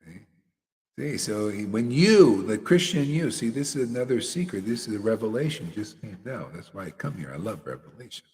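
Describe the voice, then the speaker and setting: A man's voice: fairly low pitch, sing-song, normal speed, darkish tone, long reverb tail. A man giving a devotional sermon as a spiritual teacher, preaching bluntly and emphatically with mocking asides.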